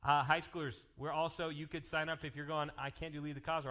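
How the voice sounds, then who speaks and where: A man working as a youth pastor, making lively, joking announcements and telling stories to a live youth group. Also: a little high, fast talker. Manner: energetic, joking, jumps between topics.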